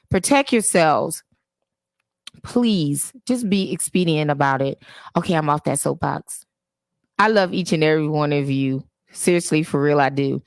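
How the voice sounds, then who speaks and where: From a home setup on Facebook Live, this low-voiced woman introduces her podcast in a casual monologue, speaking earnestly and preachily straight to church folks. There's no echo on the recording.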